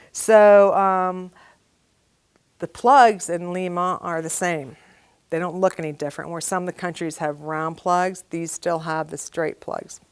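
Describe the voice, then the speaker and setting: A woman's voice: fairly low pitch, clear, resonant tone. An older woman, a retired pilot, recounting her career in an oral history interview, chatty and full of ums, acting out the people she quotes. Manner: chatty storyteller, acts out quoted dialogue, many ums.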